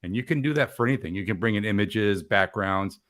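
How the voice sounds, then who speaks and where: Man, low voice, relaxed, plain explaining, dry sound. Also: brisk, dry recording. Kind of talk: casual chat.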